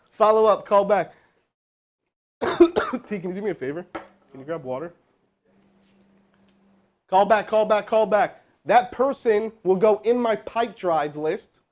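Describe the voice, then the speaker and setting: A man hosting a live stream, teaching cold calling and rallying viewers in the chat in a loud, animated way. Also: sits high. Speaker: host doing live sales calls.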